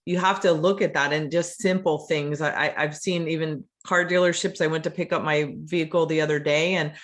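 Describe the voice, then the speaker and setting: A podcast host in casual interview chat, chatty and animated, often restarting words mid-sentence. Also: mid-range voice, a little fast.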